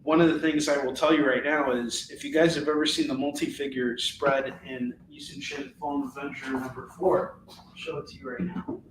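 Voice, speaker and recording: A middle-aged man hosts a live comic book sales stream from home, joking and chatting off the cuff. His medium-pitched voice is fairly even and moderately paced, and the recording has background noise and a roomy echo, with him a little far from the mic.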